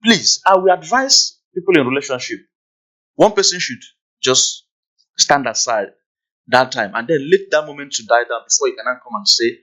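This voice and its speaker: A man's voice: medium pitch, expressive, normal speed, sharp tone, poor audio. A man talking on a podcast panel, acting out little scenes and often checking "you understand?". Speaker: podcast guest. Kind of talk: casual panel discussion.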